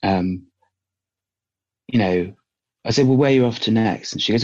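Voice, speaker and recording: A man's voice: lowish voice, normal speed, long pauses. English man, rambling anecdotes, quoting others, a bit muffled. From England. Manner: rambling storyteller, quotes people, laughs often. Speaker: guest. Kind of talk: casual chat, anecdote telling.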